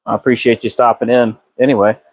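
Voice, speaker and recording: Chatting in his garage, a relaxed man streams a transmission repair live on his phone camera, the poor audio catching his fast, medium-pitched voice. He drawls, swears freely, and replies to viewers in the chat by name.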